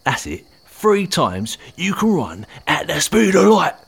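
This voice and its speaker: A man voicing a cocky, teasing magic talking stick with a Cockney accent in a children's story, husky and lively. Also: on the high side, unhurried, exaggerated voice. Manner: brash, teasing, blunt. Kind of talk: storybook voice acting.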